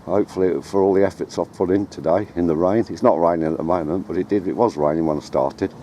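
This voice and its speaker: A radio hobbyist vlogger chats and rambles to a handheld camera outdoors at home, up on ladders and in the garden, correcting himself as he goes in a casual running commentary. He has a deep, dark voice with fairly even intonation and a quick pace. The handheld camera mic adds a little hiss or hum.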